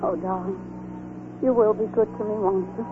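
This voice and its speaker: Actress as gentle wry young nurse, soft earnest voice, tinny old radio recording. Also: female voice, mid-range voice, fairly even intonation, normal speed, noisy background, close to an everyday voice. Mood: tender. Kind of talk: 1940s radio acting.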